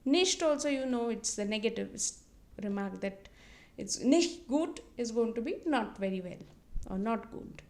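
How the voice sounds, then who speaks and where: A woman teaching as a language tutor, explaining phrases patiently and repeating each one slowly for the listener to copy. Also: a little high, expressive, a little mellow. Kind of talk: instructional explanation with slow repetition drills.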